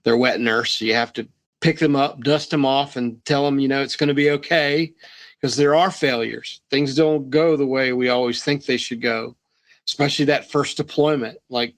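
A man hosting a podcast in casual interview chat, talking in a relaxed way and laughing along with his guest. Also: mid-range voice, normal speed. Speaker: podcast host.

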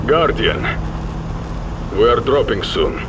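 A man voicing a confident, booming male veteran warrior in a fan audio drama. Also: very animated, noisy background. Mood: commanding. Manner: slow, commanding.

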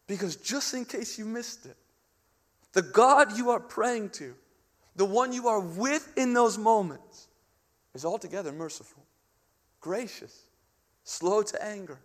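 A young man preaching with a high voice that rings out through a large hall with a long reverb. He swings between loud, urgent calls and hushed, intimate passages. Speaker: pastor. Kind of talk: sermon.

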